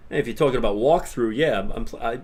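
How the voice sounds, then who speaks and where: A man with a mid-range, slightly mellow voice speaks quickly while hosting a casual livestream. He rambles and laughs as he answers questions from chat, chatty and restarting often.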